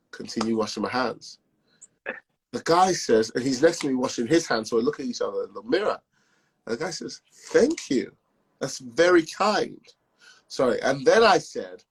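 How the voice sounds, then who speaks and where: A man's voice: medium pitch, breathy edge, rough recording. A man telling a personal story on a call, acting out the dialogue from it as he goes. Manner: acts out the dialogue in his story. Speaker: speaker sharing testimony.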